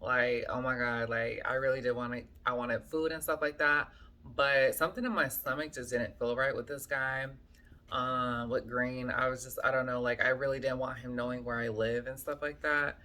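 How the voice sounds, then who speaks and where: Woman, casual storytime vlog, chatty, lots of fillers, addresses viewers as y'all, bright tense voice. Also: extremely low pitch, level tone, normal speed. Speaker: vlogger.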